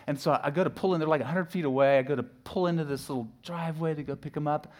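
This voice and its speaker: A middle-aged pastor preaching a sermon, telling a personal story with lively swings from loud acted shouts to hushed asides. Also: male voice, fairly high pitch, quick pace. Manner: animated storytelling, acts out his own shouting and sudden hushed asides.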